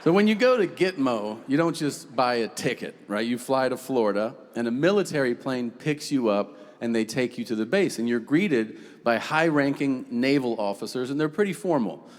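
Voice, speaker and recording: Stand-up comic, male, swinging pitch, profane storyteller, live stage mic in a reverberant room. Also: normal speed, hardly any pauses. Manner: animated, profane storytelling with shouted impressions. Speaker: stand-up comedian. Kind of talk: stand-up comedy set. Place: comedy stage before a live audience. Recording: reverberant venue with faint room noise.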